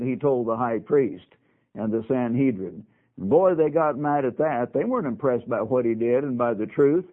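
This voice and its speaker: A man's voice: mid-range voice, lively intonation, normal speed. A man teaching a broadcast sermon on scripture, emphatic, with folksy asides to his listeners. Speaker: radio Bible teacher. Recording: narrow, phone-like radio sound.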